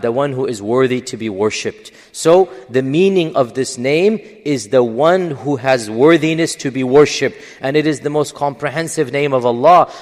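Emphatic male lecturer in a reverberant hall. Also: fairly high pitch. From English-speaking. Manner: explanatory, emphatic, frequent fillers. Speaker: Islamic lecturer. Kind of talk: religious lecture.

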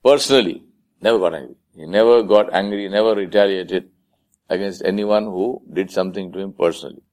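A man's voice: low-pitched, brisk, a little mellow. A man giving an Islamic lecture in a conversational way, now and then acting out the voices of the people he quotes. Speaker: Islamic speaker. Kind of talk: sermon lecture.

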